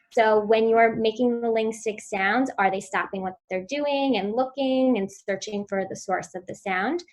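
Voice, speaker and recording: With a voice on the high side, a woman delivers a clear, instructive virtual conference talk about speech therapy, sometimes modeling sounds for kids.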